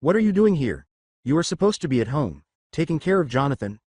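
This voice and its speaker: A man's voice: a little high, big pitch swings, a little fast, darkish tone, slightly rough, dry recording. A man doing an old battle lizard with a French-like accent. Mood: scolding. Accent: French-like, put on. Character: old scarred male battle lizard, gruff father.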